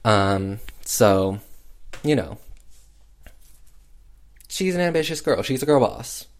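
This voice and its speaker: A man's voice: mid-range voice, animated, slow pace. A man casually recapping an old film with sassy, chatty commentary. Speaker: film reviewer.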